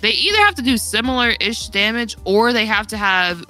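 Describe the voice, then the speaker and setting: A woman's voice: a little high, expressive, moderate pace, pushed and bright, soft background music. A young woman talking in a casual gaming podcast chat, rambling and laughing often, her voice getting worn. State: losing her voice. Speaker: podcast guest.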